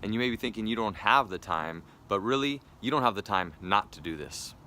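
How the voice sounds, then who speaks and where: Upbeat, forceful male wellness coach. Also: on the low side, expressive, a little fast, slight background noise. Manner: upbeat, persuasive, with casual fillers. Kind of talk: direct sales pitch to viewers.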